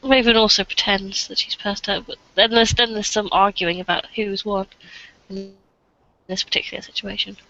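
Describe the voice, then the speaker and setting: Bright-voiced player narrating a tabletop game. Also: mid-range voice, little pitch movement, moderate pace, creaky. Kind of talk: tabletop role-play narration. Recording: dull lo-fi.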